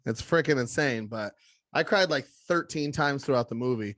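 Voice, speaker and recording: A man's voice: mid-range voice, normal speed, fairly bright tone, no room sound, studio quality. A young man and father co-hosting a podcast, joking casually and acting out quoted voices. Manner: jokey, acts out quoted voices. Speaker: podcast co-host. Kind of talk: casual banter.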